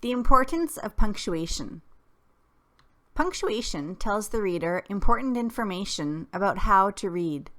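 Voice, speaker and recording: A woman teacher reading a scripted lesson, careful and deliberate, with clear pauses. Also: medium pitch, animated, fairly bright tone. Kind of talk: slow scripted lesson narration.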